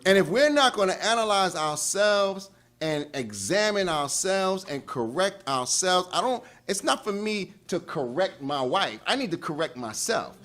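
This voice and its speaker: Animated man leading a relationship class. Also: high-pitched, unhurried. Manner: animated, laughing, acts out quarrels; asks the room for agreement. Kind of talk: casual lecture to a group.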